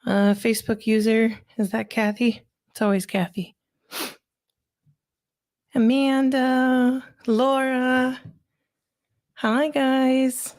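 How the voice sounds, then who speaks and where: A woman's voice: high-pitched, level tone, takes it slowly, long pauses, a little mellow. A woman hosting a casual livestream, chatting loosely and greeting viewers one by one by name. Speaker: livestream host.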